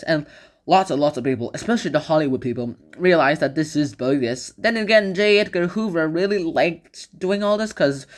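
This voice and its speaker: A man talks through a history lesson in a casual, loose way, tossing in sarcastic asides between points. His phrasing rambles and circles back, with fillers and restarts. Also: on the high side. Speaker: video lecturer. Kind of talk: casual educational commentary.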